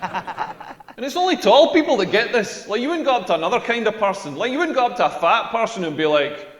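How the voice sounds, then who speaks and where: A man's voice: high-pitched, big pitch swings, a little fast, fairly bright tone. A Scottish man in his forties from rural Scotland, doing a wry, self-mocking stand-up set on a club stage and often laughing as he talks. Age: 40s. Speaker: stand-up comedian. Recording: echoey live venue with reverb.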